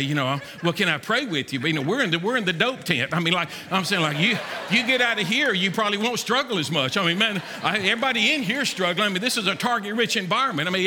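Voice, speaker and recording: A man in his fifties with a Southern US accent, a pastor telling a story in a folksy, animated sermon. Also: high-pitched, long reverb tail, a little hiss or hum. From Mississippi. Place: church sanctuary.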